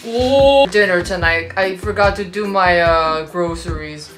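A woman's voice: medium pitch, unhurried, echoey room, music in the background. A young woman vlogging casually as she unboxes gifts, playful, with squeals and giggles. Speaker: YouTuber.

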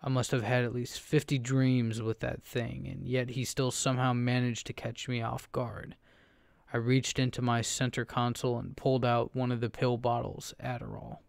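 A man narrating a first-person horror story in a steady, low storytelling delivery. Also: moderate pace, vocal fry, dry recording, studio quality.

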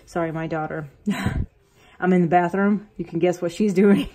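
A woman with a husky, slightly breathy voice pitched a little low. She gushes and rambles through a casual unboxing vlog, getting excited over each item. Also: unhurried. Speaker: vlogger. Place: bathroom at home.

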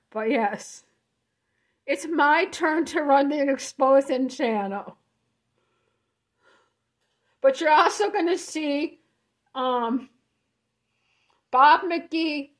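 High-voiced rambling woman host. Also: takes it slowly, long pauses. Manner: rambling and blunt, with frequent restarts and swearing. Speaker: show host. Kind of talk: casual reaction vlog, reading a post aloud and commenting.

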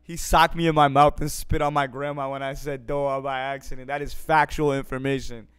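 A young man streaming live, casually answering viewer questions in slangy, profane talk that swings between mumbled asides and loud bursts. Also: medium pitch, flat delivery, a little fast, clean tone, no echo.

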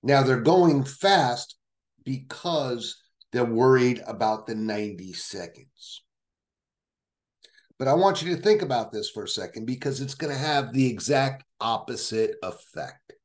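A man teaching phone sales, explaining emphatically with examples. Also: mid-range voice. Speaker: sales trainer. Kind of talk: training lecture.

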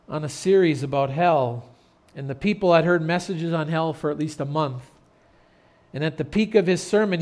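A man pastor preaching an earnest sermon in a church, turning loud and dramatic when telling a story. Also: a little high. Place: church sanctuary.

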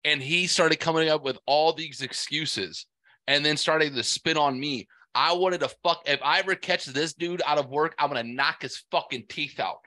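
A man's voice: on the high side, moderate pace, pushed and bright, no echo. A man hosting a podcast, ranting angrily and cursing constantly in casual chat. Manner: profane angry ranting. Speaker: podcast host.

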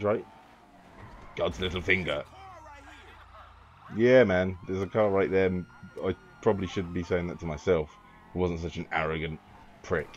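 A man giving rambling, joking, profane commentary while playing a driving game. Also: deep voice. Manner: rambling, joking, swears freely. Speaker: gaming YouTuber. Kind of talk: casual let's-play commentary. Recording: dull lo-fi with faint hiss.

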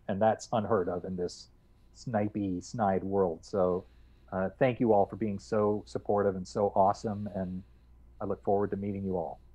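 A man's voice: lowish voice, darkish tone, lo-fi sound. A man speaking as a guest voice actor in a casual interview, earnest and thankful, with small restarts.

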